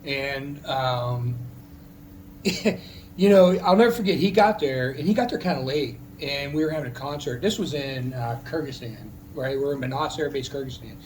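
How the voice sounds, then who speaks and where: A man's voice: mid-range voice, moderate pace, a little mellow, slight background noise, low-quality recording. A man, a military veteran, telling a personal story in a casual, heartfelt, rambling way, with many restarts.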